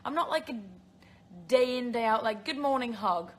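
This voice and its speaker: Expressive and fairly bright, with a slightly high voice at a moderate pace, a young actress from England reads out fan questions during a casual phone livestream. She laughs often and uses lots of filler words.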